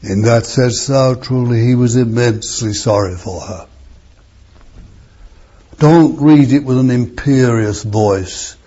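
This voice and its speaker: A man's voice: medium pitch, dark tone, slightly rough, dull audio. A man preaching an expository sermon, emphatic, asking rhetorical questions and breaking into raised bursts.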